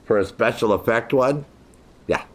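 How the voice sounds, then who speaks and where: A man's voice: mid-range voice, moderate pace, fairly bright tone. A man chatting casually with his viewers while streaming a game, swearing freely, joking around and laughing often. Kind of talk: casual livestream chat.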